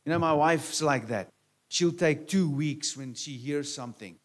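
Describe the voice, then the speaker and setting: Male pastor with a lightly raised pitch, preaching in a chatty, questioning way that often turns to soft asides. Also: a little slow. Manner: conversational preaching, rhetorical questions, frequent "right?" and "amen?". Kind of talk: sermon.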